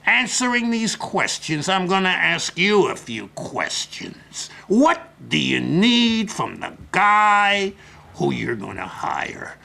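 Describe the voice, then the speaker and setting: A man playing a boastful older salesman in a comic monologue, ranting in a bombastic, folksy way that swings from mutters to shouts. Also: high-pitched, very animated, slow pace, creaky, heavily acted. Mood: salesy. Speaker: comedic character monologue.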